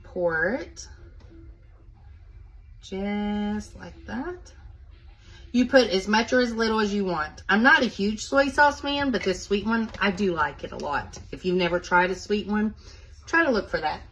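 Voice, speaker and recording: A woman's voice: mid-range voice, moderate pace, fairly bright tone, low-quality recording. A woman hosting a casual home cooking video, chatting to viewers as she walks them through each step.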